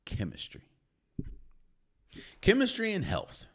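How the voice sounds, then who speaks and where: A man's voice: sits high, wildly swooping pitch, takes it slowly, slightly rough. A man hosting a solo podcast, talking casually and conversationally, often repeating himself and restarting phrases. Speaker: podcast host. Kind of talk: solo sports talk.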